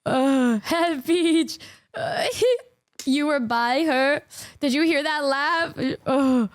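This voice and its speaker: Woman streamer, high voice, excitable, giggly, casual chat, dry close sound. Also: slow pace, no room sound. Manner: excitable, giggly, swears freely. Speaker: singer and streamer.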